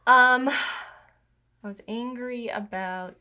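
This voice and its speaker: Chatty female co-host, bright tone, casual marriage talk, lots of filler words. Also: on the high side, extremely slow. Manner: chatty, heavy use of "like" fillers. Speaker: podcast co-host. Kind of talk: casual conversation with husband.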